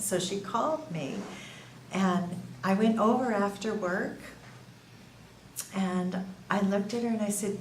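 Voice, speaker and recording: A woman's voice: mid-range voice, slow pace, long pauses. Older woman telling a faith story. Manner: storytelling, animated, laughing at her own punchlines. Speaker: workshop speaker. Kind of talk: faith testimony to a small group. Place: room at a church workshop. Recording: echoey room from a distance, faint background noise.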